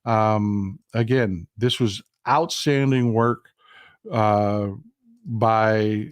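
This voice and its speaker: A man's voice: lowish voice, drawn-out words, clear, resonant tone, no echo. Male livestream host, emphatic and repetitive, dry close sound. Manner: emphatic, repeats himself, stumbles and restarts. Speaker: political commentary host. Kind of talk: livestream political commentary.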